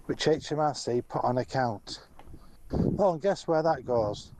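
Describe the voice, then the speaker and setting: A man's voice: mid-range voice, measured pace, noisy background. A self-employed man complaining in a fed-up tone in a recorded voice note to a radio phone-in. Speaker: caller.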